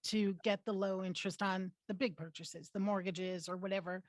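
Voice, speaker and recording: A woman's voice: medium pitch, fairly even intonation, moderate pace, no room sound. A woman hosting a podcast interview as a credit coach, upbeat with short affirmations. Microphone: video call.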